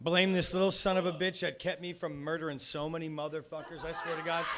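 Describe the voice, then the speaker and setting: A man's voice: fairly high pitch, flat delivery, fast, crowd noise. A man emceeing a comedy show from the stage, with loose, profane banter between acts.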